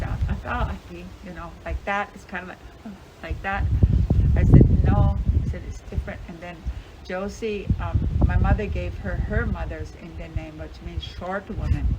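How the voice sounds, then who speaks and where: An older woman from Fort Belknap, Montana, an elder being interviewed, recalling family stories in a rambling way and acting out remembered dialogue. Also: on the low side. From Fort Belknap, Montana, USA. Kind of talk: casual storytelling recollection. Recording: lo-fi with loud background noise.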